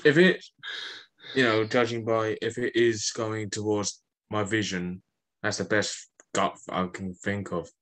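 Low-voiced man thinking aloud. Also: fairly even intonation, unhurried, fairly bright tone. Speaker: player. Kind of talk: tabletop game chat.

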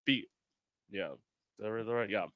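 A man hosting an interview, chatting quickly and casually, with some swearing. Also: lowish voice, no room sound, phone-quality sound. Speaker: podcast host, drag performer. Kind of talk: casual chat.

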